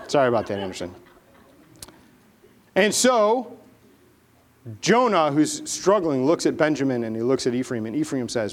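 A man's voice: on the high side, a little fast. A man preaching a sermon, dramatically retelling a Bible story and acting out the characters as he goes. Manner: animated, dramatic retelling with acted voices.

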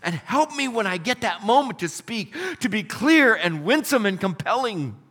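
Animated, high-voiced male preacher in a hall. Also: moderate pace, breathy edge. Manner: animated, voices characters in stories. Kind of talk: sermon storytelling. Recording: reverberant hall.

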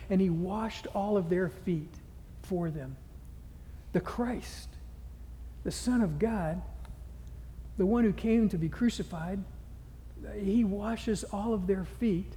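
Man, preacher, earnest storytelling sermon, mellow tone, long hall echo. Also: sits high. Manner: earnest storytelling, retelling scripture scenes.

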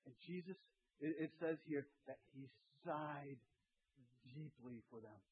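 A middle-aged man preaching a sermon as pastor, lively and acting out voices of the people in his story. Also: a little high, measured pace, slightly rough. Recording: tinny phone-like sound.

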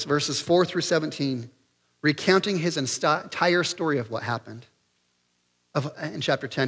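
A man preaching a sermon as pastor, animated and excitable, acting out the voices of the people he quotes. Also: big-room sound. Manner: animated, acts out quoted voices, raises pitch and volume for emphasis; excitable, loses his place in notes.

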